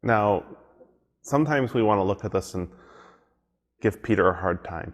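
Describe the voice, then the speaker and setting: A man's voice: fairly low pitch, animated, normal speed, pauses often. A man as pastor giving a devotional sermon, reflective and conversational, repeating phrases for emphasis.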